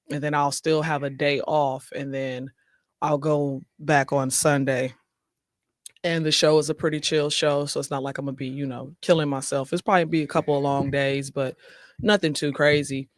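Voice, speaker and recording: A man's voice: fairly high pitch, no room sound, studio quality. A man hosting a casual talk show, chatting and reading viewer comments aloud with frequent laughter. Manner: chatty, laughs often, talks to viewers directly. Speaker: show host.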